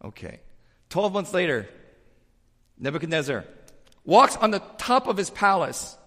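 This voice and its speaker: Animated male pastor in an echoey church. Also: sits high, a little slow. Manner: animated, emphatic, repeats words when excited. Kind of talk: sermon. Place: church sanctuary with pews.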